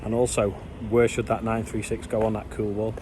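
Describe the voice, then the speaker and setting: A man's voice: fairly low pitch, completely flat delivery, brisk, a little mellow, slight background noise. A man vlogging casually on his farm, chatting in a rambling way and asking his viewers questions. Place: outdoors on a farm.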